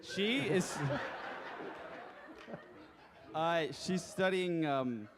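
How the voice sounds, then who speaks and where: A man's voice: on the high side, lively intonation, drawn-out words, crowd noise, background noise. A man in an audience politely and nervously asks a question for someone else. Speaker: audience member asking a question.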